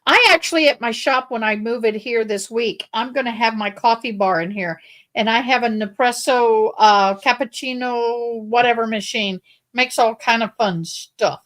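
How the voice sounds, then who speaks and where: A woman chatting on a live stream, telling stories with lively emphasis. Her voice sits a little high. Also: moderate pace. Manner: animated, emphatic storyteller. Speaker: livestream co-host. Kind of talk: casual chat.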